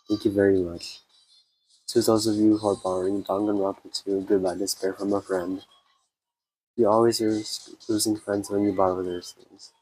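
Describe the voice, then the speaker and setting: A man streaming a game, reading its text aloud in a subdued way and breaking off for quick comments. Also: on the low side, a little mellow, breathy edge, rough recording.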